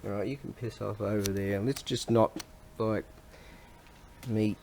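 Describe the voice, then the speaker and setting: A man talking in a casual, rambling vlog monologue. He swears a lot, laughs often and sometimes drops to a low mutter while he works. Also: slow, creaky, pauses often, dark tone. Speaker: vlogger.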